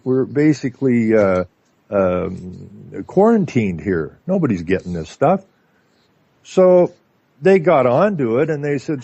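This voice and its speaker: A Canadian man talking casually as a radio guest, telling stories in an animated way with lots of filler words. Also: medium pitch, no echo. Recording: dull lo-fi line.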